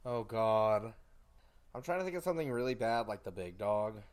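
Joking, rambling young man with a low voice. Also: normal speed. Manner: joking, rambling, acts out imagined dialogue. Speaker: podcast co-host. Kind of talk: casual chat.

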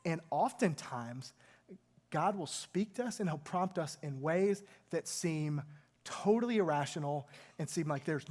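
A man's voice: a little high, darkish tone, husky. A male pastor preaching a sermon, retelling a scripture story in an earnest, emphatic way.

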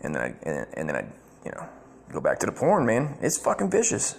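A man's voice: lowish voice, wildly swooping pitch, a little fast, creaky, slight background noise. A man giving crude comedic reaction commentary, blunt, rambling and full of profanity.

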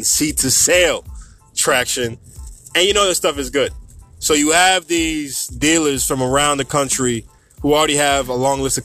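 A young man talks through a solo podcast in a loose, conversational way, drifting into asides as he goes. His voice sits at an ordinary middle pitch. Faint music plays underneath. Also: fairly bright tone. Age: young adult. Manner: casual, conversational, rambling with asides. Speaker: podcast host.

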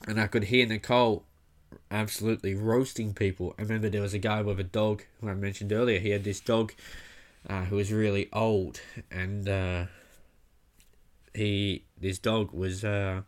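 A young comedian telling a backstage story in a rambling, casual way, swearing often and filling pauses with "uh". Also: male voice, lowish voice, level tone, fairly bright tone.

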